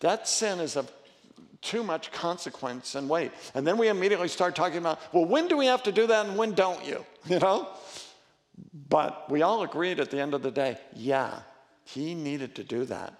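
Male pastor, somewhat high voice, earnest conversational sermon, long hall reverb. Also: animated, normal speed. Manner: earnest, conversational preaching with frequent restarts and rising emphasis.

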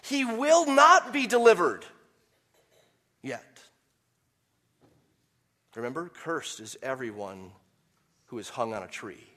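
A man delivers a sermon in a fairly high voice. He moves between calm teaching and loud, impassioned bursts, nearly shouting when he quotes scripture. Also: slow, pauses often. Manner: impassioned preaching, rising to near shouts on quotes. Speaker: pastor.

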